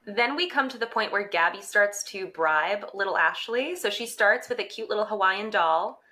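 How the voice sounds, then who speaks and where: Female podcast co-host with a bright, forceful voice, in relaxed recap chat. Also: mid-range voice, moderate pace. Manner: relaxed, amused, reads from her notes.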